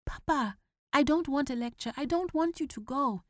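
A woman's voice: high-pitched, normal speed, no room sound, clean studio sound, pitched above the performer's own voice, lightly acted. A woman doing a pleading teenage boy. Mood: desperate. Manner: urgent, pleading. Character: fourteen-year-old boy, frightened and pleading.

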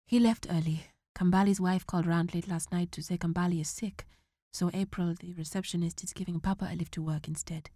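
Brisk, matter-of-fact storybook mother, lowish and plain, woman reader. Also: fairly even intonation, warm tone, dry recording, clean studio sound, lightly acted.

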